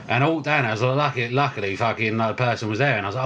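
Fast-talking sweary man. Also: mid-range voice, a bit bright, a little hiss or hum. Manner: sweary, laughing storyteller. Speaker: podcast co-host. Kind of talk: casual chat.

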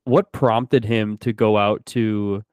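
A man's voice: fairly low pitch, takes it slowly, clear, resonant tone, dry recording. A man hosting a podcast, chatting casually about a film and animatedly acting out the characters' lines. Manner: animated retelling, acts out quoted lines. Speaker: podcast host. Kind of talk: casual movie discussion.

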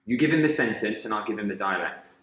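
A man's voice: fairly low pitch, lively intonation, fast, fairly bright tone, roomy sound, poor audio. A man presenting in casual, playful banter with friends. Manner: playful, leads the conversation.

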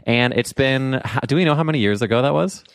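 A young man hosting a casual podcast chat, talking in a chatty, animated way and swearing casually. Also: mid-range voice, fast talker, vocal fry, clean tone, no echo, clean studio sound. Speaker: podcast host.

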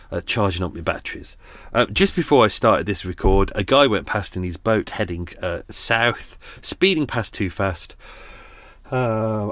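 This podcast host, broadcasting from a narrowboat in London, wanders through an unscripted, casual monologue full of swearing and self-mockery. His voice is lowish and a bit bright, with no room sound.

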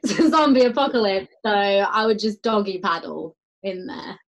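A woman's voice: mid-range voice, expressive, normal speed, gravelly, poor audio. A young woman in casual chat, giggling and telling her answers in a playful, rambling way. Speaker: guest.

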